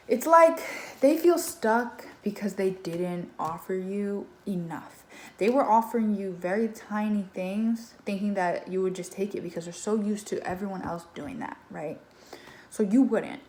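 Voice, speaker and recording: A woman's voice: medium pitch, a little slow. Woman doing a chill tarot reading, mid-range voice, swears a lot, kinda echoey room. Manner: chatty, loose and conversational, with frequent swearing and fillers. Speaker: tarot reader. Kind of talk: casual tarot reading addressed to the viewer. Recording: echoey room with faint background noise.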